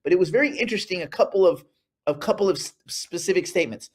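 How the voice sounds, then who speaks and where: A man hosting a finance livestream, talking in a sarcastic, animated way and repeating himself for effect. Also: sits high, fast. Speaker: host. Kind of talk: livestream commentary.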